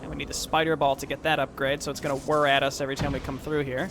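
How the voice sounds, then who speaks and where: A man's voice: on the high side, level tone, racing, noisy background. A man giving casual let's-play commentary, explaining his moves as he plays and sometimes reading game lore aloud. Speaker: gameplay commentator. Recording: game music loud underneath. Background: game music.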